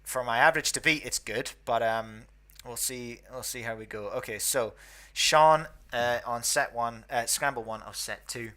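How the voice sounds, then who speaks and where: Scottish guy doing casual commentary, bright voice, jokes at himself a lot. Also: mid-range voice, normal speed. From northeast Scotland. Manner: chatty, self-deprecating, thinks aloud. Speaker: host.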